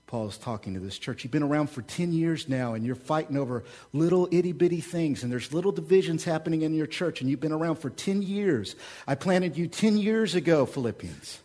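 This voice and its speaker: A man preaching a sermon as a pastor. He swings between loud, urging calls and quiet asides, and repeats key phrases as a refrain. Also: on the high side, a little fast.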